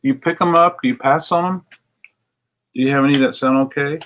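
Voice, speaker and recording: In his record shop, a U.S. store owner checks used CDs while talking casually to viewers, rambling and murmuring to himself. His medium-pitched voice is steady, fairly quick, and a bit bright, on a rough recording with slight background noise.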